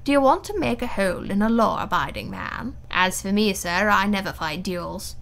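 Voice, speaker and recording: A woman reading the part of a lazy, foppish English gentleman with a slow, languid drawl. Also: mid-range voice, expressive, vocal fry.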